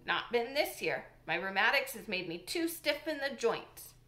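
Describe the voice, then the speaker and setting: A woman voicing a gruff, cross old male gardener who talks loudly and bluntly in country speech. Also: on the high side, sing-song, normal speed. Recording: roomy echo.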